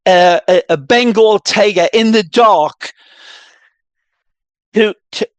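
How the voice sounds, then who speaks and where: An older man from Northeast England with a Geordie accent, chatting as a guest and telling stories in an animated way with many restarts. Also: high-pitched, takes it slowly, no echo. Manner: animated storyteller, lots of restarts. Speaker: guest, retired soccer commentator. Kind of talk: casual chat.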